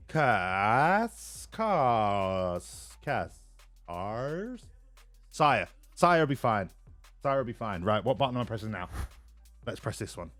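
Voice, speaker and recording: A man's voice: medium pitch, a bit bright, no echo. A man casually commentating a game on a live stream, joking, swearing and laughing often. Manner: jokey, profane, laughs often.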